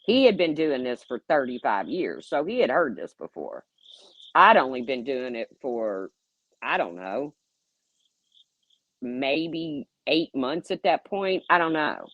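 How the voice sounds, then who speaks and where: A woman's voice: rumbling low, sing-song, slow pace, a bit bright, no room sound, highs cut off. A middle-aged woman telling candid stories in a casual way, swearing freely and acting out what people said. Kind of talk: casual storytelling.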